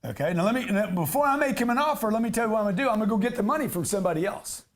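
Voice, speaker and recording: A man's voice: high-pitched, expressive, very fast. A man giving a live real estate seminar to an audience, brash and slangy, cracking jokes as he teaches.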